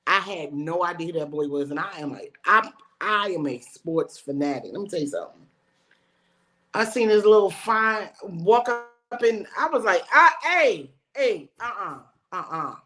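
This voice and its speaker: A woman in her forties, a comedian telling animated, bawdy stories and laughing often in a casual interview. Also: fairly low pitch, normal speed. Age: 40s. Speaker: comedian guest.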